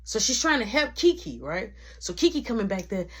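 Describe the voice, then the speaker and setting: A woman's voice: medium pitch, fairly quick, slightly rough. Slangy woman telling a workplace story. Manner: animated, slangy, breaks into quoted voices. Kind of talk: casual storytime vlog.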